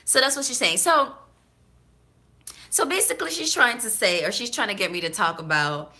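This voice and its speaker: A woman's voice: fairly high pitch, expressive, moderate pace, bright, forceful tone. A woman hosting a casual vlog, giving candid, chatty, off-the-cuff talk about dating. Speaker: host.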